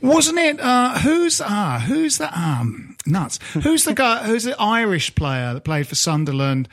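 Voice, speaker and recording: A man chatting about football, lively and searching aloud for names. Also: sits high, a little slow. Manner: animated, gropes for names. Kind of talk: casual chat about football.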